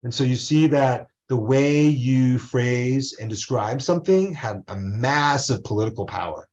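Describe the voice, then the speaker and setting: A man's voice: mid-range voice, unhurried, darkish tone, muffled recording. A male college professor giving a casual online lecture, rambling into asides and acting out quotes.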